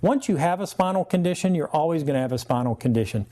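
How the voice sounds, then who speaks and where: A man who is a chiropractor, a guest on a talk show, giving steady, plain explanations of his treatment. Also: on the high side, fast talker.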